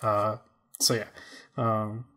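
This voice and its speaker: A man's voice: fairly low pitch, level tone, slow pace, bright, forceful tone. A man co-hosting a gaming podcast, chatting casually and rambling with lots of fillers. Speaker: podcast co-host. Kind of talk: casual chat.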